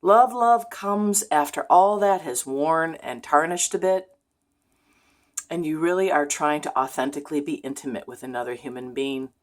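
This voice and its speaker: A woman's voice: low-pitched, moderate pace. A woman talking to camera in a casual vlog, frank and emphatic, laughing now and then as she talks. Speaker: vlogger.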